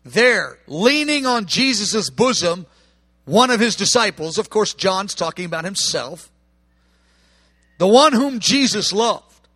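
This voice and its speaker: A man preaching a sermon with passion, acting out quoted voices and swinging from hushed tones to shouts. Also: high voice, sing-song, takes it slowly, no echo.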